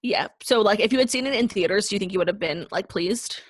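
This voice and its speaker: Young female podcast co-host, quick chatty delivery full of fillers, close dry sound. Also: mid-range voice, no echo. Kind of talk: casual chat.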